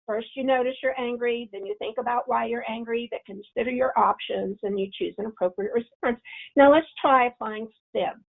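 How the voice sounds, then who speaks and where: A woman's voice: fairly high pitch, moderate pace, vocal fry. A woman presenting a parenting webinar on a video call, coaching listeners and acting out angry self-talk as examples. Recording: tinny phone-line audio.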